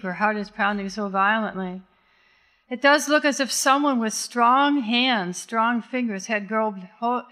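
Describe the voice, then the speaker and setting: Intense, measured woman narrator. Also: fairly high pitch, a bit bright. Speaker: audiobook narrator. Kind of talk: scripted narration.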